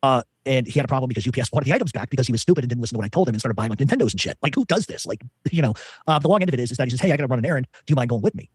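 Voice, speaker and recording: Fast-talking rambling man, husky voice. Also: mid-range voice, expressive, no echo. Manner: fast rambling storyteller with many fillers. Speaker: interview guest. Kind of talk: rambling story in an interview.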